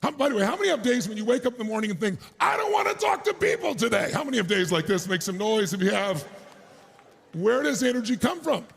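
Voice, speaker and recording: A man giving a motivational speech to a live crowd on an arena stage. He is energetic and shouts to pump up the crowd, with crude, joking asides. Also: sits high, fast, vocal fry, slightly rough. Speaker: motivational speaker.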